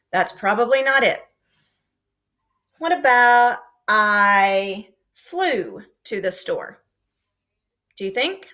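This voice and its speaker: Lady teacher doing a lesson for little kids, slow and clear, bright voice, acts out her examples. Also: mid-range voice. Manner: slow, clear and expressive, acting out example sentences. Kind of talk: remote lesson for young children.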